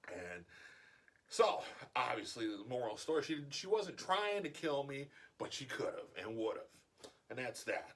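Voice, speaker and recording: Husky man telling a childhood story. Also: medium pitch, unhurried. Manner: animated, acts out quoted voices. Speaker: vlogger. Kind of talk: casual storytelling.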